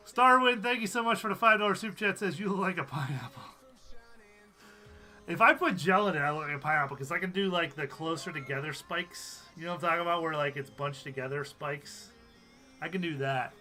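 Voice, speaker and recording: A man's voice: fairly high pitch, brisk, pushed and bright, faint music behind. A man hosting a live stream, chatting casually, reading out viewer comments and laughing often. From USA.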